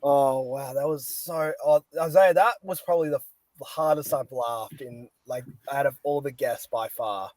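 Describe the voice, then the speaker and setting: A man's voice: medium pitch, moderate pace, darkish tone, dry recording. A man hosting a casual podcast, enthusiastic and laughing readily. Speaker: podcast host. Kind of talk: casual chat.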